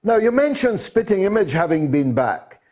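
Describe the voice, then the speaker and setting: A male talk-show host interviewing a guest with measured, emphatic questions. His voice sits somewhat high. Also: sing-song, darkish tone.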